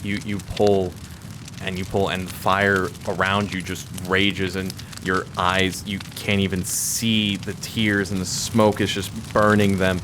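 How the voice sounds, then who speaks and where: A man's voice: low voice, flat delivery, a little slow, noisy background. A man acting as game master, narrating a tabletop game in dramatic, vivid second-person storytelling. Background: background music.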